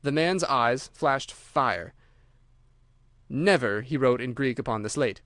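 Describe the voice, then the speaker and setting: Male audiobook narrator, mid pitch, measured delivery, dry close recording. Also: no room sound. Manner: measured, steady storytelling. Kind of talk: scripted narration.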